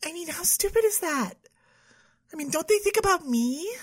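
A woman's voice: very high voice, expressive, moderate pace. A woman playing a self-absorbed young woman who vents to her therapist, whiny and furious, sighing a lot and filling her talk with "like". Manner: whiny, full of sighs and "like" fillers. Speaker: patient venting to a therapist.

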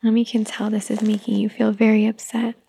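Woman doing a gentle mommy roleplay, soft soothing voice with a bit of fry. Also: medium pitch, completely flat delivery, brisk. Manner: gentle, soothing, speaking to a toddler. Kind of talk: soft-spoken mommy role-play.

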